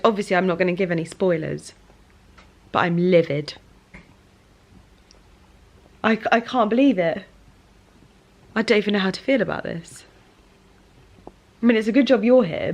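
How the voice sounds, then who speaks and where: A young woman chatting casually in a vlog, animated, with bursts of high baby talk to her dog. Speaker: vlogger.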